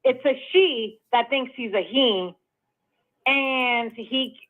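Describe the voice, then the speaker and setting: A woman in her thirties from Brooklyn calling into a show, excitable and rambling, with slangy casual speech. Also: high-pitched, slow pace. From Brooklyn, New York. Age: 30s. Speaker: caller. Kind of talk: casual phone call. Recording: phone line.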